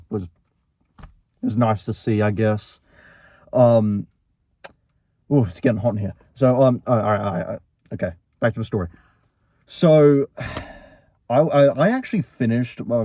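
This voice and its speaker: A man's voice: lowish voice, warm tone, dry recording. A young man telling a story casually, rambling, with many restarts as he recounts a quarrel. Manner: rambling, full of restarts, quoting both sides of a quarrel.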